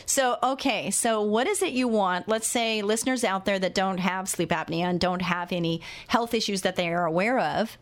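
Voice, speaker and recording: A woman's voice: mid-range voice, moderate pace, hardly any pauses. A woman hosting a radio talk show, interviewing a guest and making earnest, urgent appeals to listeners.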